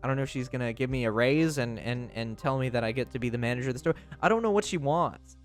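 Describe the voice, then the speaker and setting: A man's voice: medium pitch, fairly even intonation, rapid-fire, soft background music. A young man livestreaming, telling a story in casual chat, rambling with lots of fillers and restarts.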